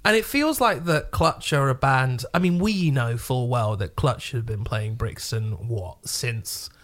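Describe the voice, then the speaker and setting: A man co-hosts a rock podcast and lays out his opinions in long, measured, winding sentences. He is steady and conversational with a middle-pitched voice, and he sometimes laughs or swears for emphasis. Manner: thoughtful, measured, rambling opinions. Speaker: podcast co-host. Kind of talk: casual chat.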